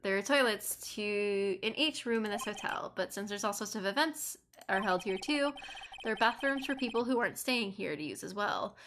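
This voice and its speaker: A woman's voice: medium pitch, animated, moderate pace, background noise, close to an everyday voice. A woman reading a dry, wry young male defense lawyer from a game in her own plain voice.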